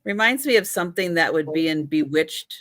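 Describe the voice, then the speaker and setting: A woman's voice: deep voice, expressive, fairly quick, fairly bright tone, slight background noise. A woman co-hosting a sale show, chatting casually and commenting with enthusiasm. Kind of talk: casual chat.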